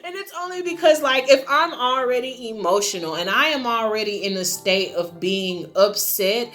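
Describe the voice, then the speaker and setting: Chatty young woman telling a story. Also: fairly high pitch. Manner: chatty, emotional, many fillers, rising to loud exclamations. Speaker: vlogger. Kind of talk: casual storytime chat.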